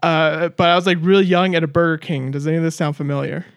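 A man's voice: on the high side, steady tone, fast talker, clear, resonant tone, no echo, studio quality. A man in casual chat, telling rambling stories with laughter.

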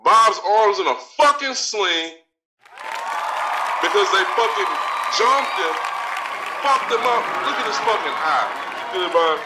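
A man's voice: high-pitched, lively intonation, unhurried, long pauses, far from the mic, a loud crowd, heavy background noise. A man playing a brash, profane talk-show persona who boasts, threatens and laughs between his lines. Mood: cocky. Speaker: podcast segment host in character.

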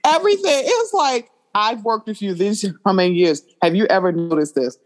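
A woman chatting over a video call, animated and profane as she tells stories about a TV show. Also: medium pitch, a little fast. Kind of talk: casual chat recapping a TV episode.

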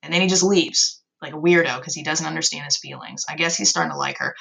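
A young woman talks through a story recap in a loose, chatty way, cutting in with sarcastic, profane remarks. Her voice sits fairly low and has a gravelly fry. Its tone is bright and sharp. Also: animated, quick pace, few pauses, rough recording. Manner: sarcastic, swears freely, exasperated asides. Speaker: video host recapping a story. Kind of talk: casual commentary.

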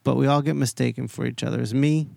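A man hosting a podcast, telling a long story in a casual, animated way, heavy on swearing and quoted voices. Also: medium pitch, fast talker, vocal fry, no echo, studio quality. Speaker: podcast host.

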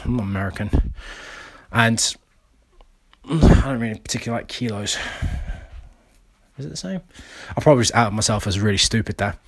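A young man, talking casually and mocking himself, with lots of fillers and restarts. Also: mid-range voice. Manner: self-mocking, rambling with many fillers. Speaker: vlogger. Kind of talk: casual monologue.

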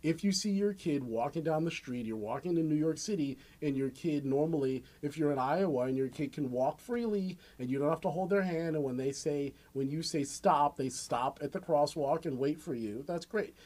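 Male podcast talker, slightly high-pitched, lively, acts out little scenes. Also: moderate pace, few pauses. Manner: animated storytelling with acted-out quotes, frequent swearing. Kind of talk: casual podcast chat.

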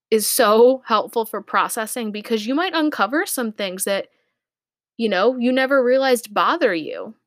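A woman's voice: medium pitch, a bit bright, dry recording. Candid woman talking on a dry podcast. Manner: candid, reflective, chatty with fillers. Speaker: podcast host. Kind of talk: casual solo podcast talk.

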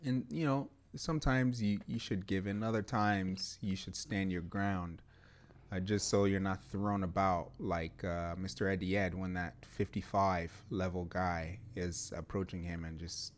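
A man's voice: low voice, steady tone, a little slow. A young man co-hosting a podcast, talking casually and emphatically, often repeating "yeah" and "to be honest". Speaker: podcast co-host. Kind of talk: casual chat.

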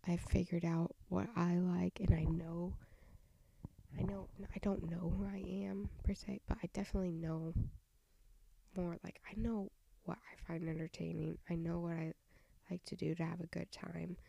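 A young woman in her twenties with a faint southern twang talks through a solo podcast on a home mic, her voice dark and full of fry. She drifts and restarts often, breathy and half-hushed, as if her voice is giving out. The sound is close and dry. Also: lowish voice, level tone, moderate pace, no echo. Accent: slight southern twang. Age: 20s. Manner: rambling, lots of fillers and restarts, soft breathy delivery. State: voice going out. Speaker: podcast host. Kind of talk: casual solo podcast rant. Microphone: home microphone.

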